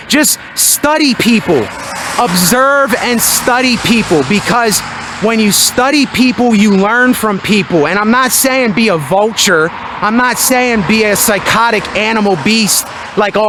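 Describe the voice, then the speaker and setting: A vlogger with a high-pitched voice gives a loud, emphatic motivational monologue outside at night near his building. He speaks close into a handheld microphone, and background noise can be heard.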